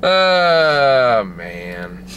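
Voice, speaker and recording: A man's voice: mid-range voice, sing-song, drawn-out words, a bit bright, a little hiss or hum. A young man co-hosting a casual movie review chat, swearing freely and mimicking characters in silly voices. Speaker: podcast co-host.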